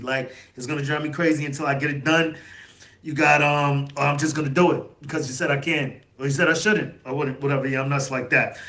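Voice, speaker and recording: A man talks alone into his mic in a loose, rambling fan commentary, bright and a little high for a man. He circles back on himself, full of fillers, then bursts out loud when something excites him. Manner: rambling, heartfelt, with fillers and sudden excited outbursts. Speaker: fan channel host. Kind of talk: emotional solo fan commentary.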